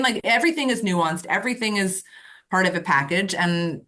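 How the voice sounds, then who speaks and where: A woman's voice: medium pitch, expressive, normal speed, sharp tone. A woman political reporter speaking as a podcast guest, earnest and emphatic, with frequent restarts. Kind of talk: casual political talk. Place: remote from Ottawa.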